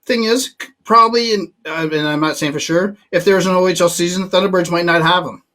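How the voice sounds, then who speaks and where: A man's voice: high voice, steady tone, pushed and bright. A man in his fifties hosting a sports talk show, chatting casually, stopping and restarting and cracking jokes. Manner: halting, restarts, joking.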